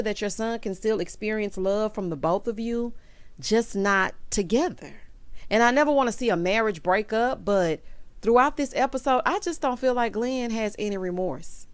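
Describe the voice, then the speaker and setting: Addressing her audience directly, this late-30s woman gives a casual, sassy rundown of a reality show. Her mid-range voice is clear and resonant, recorded without any room sound.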